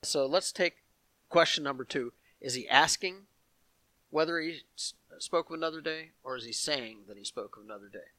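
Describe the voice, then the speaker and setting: A man's voice: fairly high pitch, normal speed, bright, forceful tone, no echo. Man giving a Bible teaching, dry sound. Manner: explanatory, reads passages aloud with asides to the congregation.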